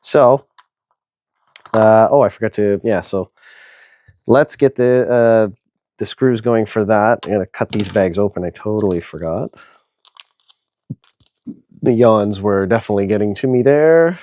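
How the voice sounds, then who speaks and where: A man's voice: lowish voice, unhurried, pauses often, mellow, no echo. A man narrating a hobby kit build in a casual, chatty way, thinking aloud with many fillers and sounding tired and yawny. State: yawning, tired. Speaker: hobby video host.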